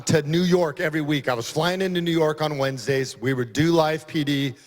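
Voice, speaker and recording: Emphatic sheriff speaking in a reverberant hall. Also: male voice, fairly high pitch. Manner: folksy storytelling, emphatic. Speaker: county sheriff. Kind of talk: conference speech. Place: conference hall.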